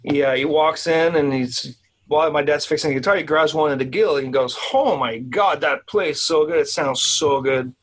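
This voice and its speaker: A man's voice: on the high side, normal speed, fairly bright tone, low-quality recording. A man with a Quebec French accent, a guitarist guest on a video call interview, telling a story in a rambling way with many restarts. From Quebec, Canada.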